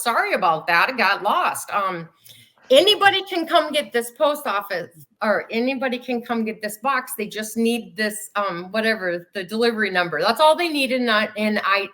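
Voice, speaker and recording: A woman guest telling her own story in a casual, animated way over a video call, acting out the voices of people she quotes. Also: medium pitch.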